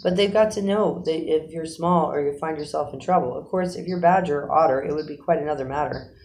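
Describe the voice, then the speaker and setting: A man's voice: fairly high pitch, fairly quick, a little mellow, a little hiss or hum, lightly acted, low-quality recording. A man reading aloud, voicing a kind and sensible water rat who talks in a soothing, reassuring way. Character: kindly brave male water rat, cheerful, sensible. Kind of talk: storybook reading.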